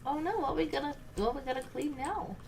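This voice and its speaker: A woman's voice: high-pitched, steady tone, a little fast, creaky, noisy background. A woman chatting casually while gaming, telling stories and acting out the voices in them. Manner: chatty storyteller, acts out voices. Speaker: podcast host.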